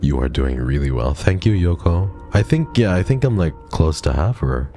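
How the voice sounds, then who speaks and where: A man's voice: very deep voice, expressive, normal speed, warm tone, faint music behind. A man chatting playfully with viewers while live-streaming a horror game, jumpy and talkative. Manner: playful, jumpy, chatty with viewers, drops to a whisper when scared. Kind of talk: casual live-stream chat while gaming.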